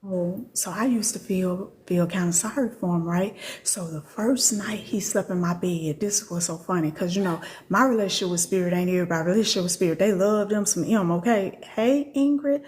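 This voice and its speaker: A woman's voice: a little fast, few pauses, a little mellow. A middle-aged woman, a spiritual teacher, talking casually on a live stream with slangy, profane storytelling that jumps into quoted voices. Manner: acts out quotes in a much higher voice.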